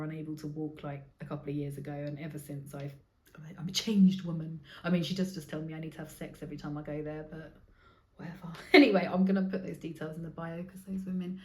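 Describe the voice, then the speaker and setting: A woman in her thirties talks alone on her podcast in a loose, confessional ramble. She curses freely and pokes fun at herself, and her voice sits a little low for a woman. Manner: rambling, confessional, swears freely, self-mocking. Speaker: podcast host. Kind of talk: candid solo podcast monologue.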